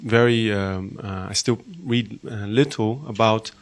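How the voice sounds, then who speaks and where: A man with a low voice asks a question from the audience at a lecture. He speaks haltingly, with many pauses and fillers as he searches for his words. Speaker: audience member asking a question. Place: lecture room.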